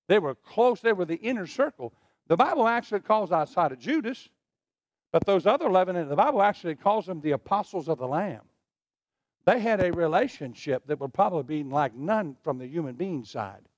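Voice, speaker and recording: High, lively-voiced preaching pastor. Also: male voice, no echo, highs cut off. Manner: preaching with call-and-response to the congregation. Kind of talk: sermon. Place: church sanctuary.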